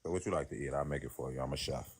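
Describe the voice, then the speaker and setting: A man's voice: a bass voice, rapid-fire, breathy edge. A man, bantering in a casual, provocative and flirty way on a livestream. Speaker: guest caller in a livestream debate.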